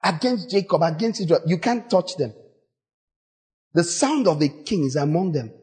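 Animated high-pitched preacher. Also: male voice, normal speed. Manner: animated, dramatic, acts out quoted voices, sudden shouts. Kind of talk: sermon.

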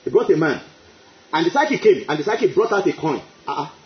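Lively high-voiced male preacher. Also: fast talker. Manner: emphatic, repeats phrases, exclaims praise. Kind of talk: sermon. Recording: echoey, dull lo-fi.

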